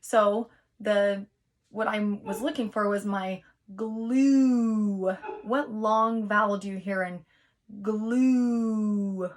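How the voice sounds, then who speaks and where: A woman teacher giving a recorded lesson to young children, patient and encouraging, sounding out words slowly. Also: medium pitch, steady tone.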